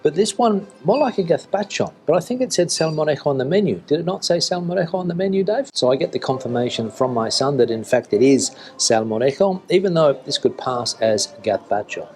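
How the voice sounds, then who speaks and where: A middle-aged man talking casually to camera in a restaurant as a food vlogger, relaxed and chatty, with frequent fillers. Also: medium pitch, a little fast, few pauses, soft background music. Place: restaurant in Spain.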